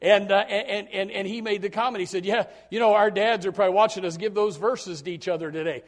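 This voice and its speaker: A middle-aged male pastor preaching a sermon with emphatic swings in loudness, often repeating and restarting his words. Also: high voice, steady tone, fast talker.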